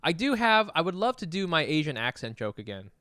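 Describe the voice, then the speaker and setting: A man's voice: a little high, big pitch swings, fairly quick, bright, forceful tone, no echo, clean studio sound. A man co-hosting a comedy podcast, joking casually, rambling through analogies and laughing often. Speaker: podcast co-host.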